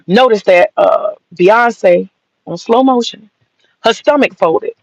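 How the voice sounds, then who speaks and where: Speaking at a medium pitch with a slightly mellow tone, a woman commentator from the American South rants her opinions bluntly, mockingly and with plenty of profanity and sass. The sound is dull, lo-fi and dry, without any room sound.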